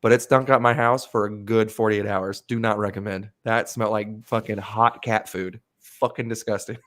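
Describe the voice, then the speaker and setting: A man hosting a podcast, telling rambling, animated stories in casual chat and swearing freely. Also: fairly low pitch, normal speed. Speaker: podcast host.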